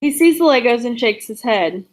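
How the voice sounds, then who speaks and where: A woman with a fairly high voice reads a novel aloud. Her narration is steady and unhurried, in a plain first-person storytelling manner. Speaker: reader of a novel.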